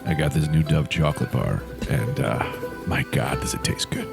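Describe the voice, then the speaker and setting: A crude, hushed bedroom-voice pitchman, as a man puts it on. The voice sits very deep and goes breathy and unvoiced in places. Music plays clearly behind it. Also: moderate pace.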